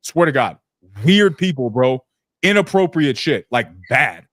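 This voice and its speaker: A young man hosts a business podcast in a casual, blunt way. He swears easily and acts out the people in his stories with lively impressions. His voice sits close and dry, with no room sound around it. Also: mid-range voice, measured pace, dry recording. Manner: blunt, profane, storytelling with animated impressions. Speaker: podcast host.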